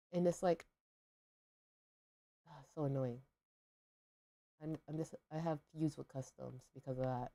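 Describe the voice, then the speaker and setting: A young adult woman with a low, dark-toned voice hosts a game livestream, chatting casually and ramblingly in an unhurried way with long pauses. Her talk is full of fillers and questions she asks herself.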